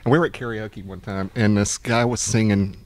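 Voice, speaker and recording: Podcast co-host, male, rapid and animated, tells stories with plenty of laughter and swearing. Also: lowish voice. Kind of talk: casual chat, anecdotes.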